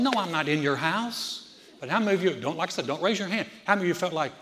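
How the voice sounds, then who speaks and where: A man preaching a folksy sermon to a congregation, dropping to a hushed voice when he tells stories. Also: fairly high pitch, quick pace, long reverb tail. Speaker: pastor.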